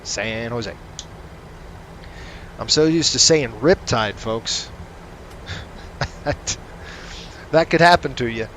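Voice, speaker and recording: A man's voice: medium pitch, slow, long pauses, a bit bright, slight background noise, rough recording. Man, flight sim streamer, casual commentary, sarcastic rants, checklist callouts.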